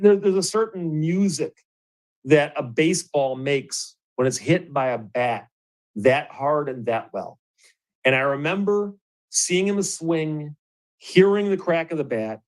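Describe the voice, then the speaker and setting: A middle-aged man from Michigan, hosting a show and telling a story in a casual, animated way, chuckling now and then and restarting his sentences. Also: fairly high pitch, poor audio. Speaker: host.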